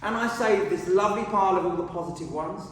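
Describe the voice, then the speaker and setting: At a speaking club, a middle-aged man pokes fun at himself in a lively, humorous talk. He speaks quickly in a high voice; the distant recording in a reverberant hall has a faint hiss or hum.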